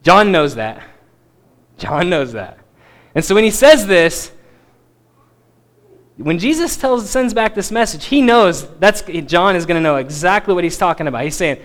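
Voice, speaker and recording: A man teaching a Bible passage in a sermon, stressing key words emphatically and dropping to quiet asides. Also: high-pitched, animated, measured pace, long pauses. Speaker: preacher.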